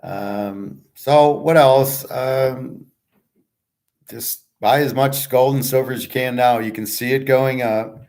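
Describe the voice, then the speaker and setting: A man's voice: medium pitch, fairly even intonation, slow, a little mellow. A man hosting his own channel, chatting casually and rambling as he talks straight to a listener. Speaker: channel host. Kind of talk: casual rambling chat to viewers.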